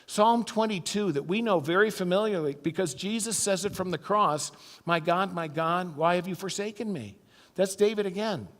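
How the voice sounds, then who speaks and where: A man's voice: sits high, normal speed. Man preaching in an echoing church. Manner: storytelling, shifting from emphatic to hushed. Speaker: pastor. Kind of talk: sermon. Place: church sanctuary. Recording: church hall reverb.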